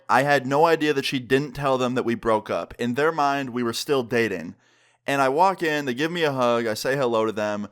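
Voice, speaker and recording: Animated man telling a story. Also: mid-range voice. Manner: animated, swears freely. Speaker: vlogger. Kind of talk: storytime vlog.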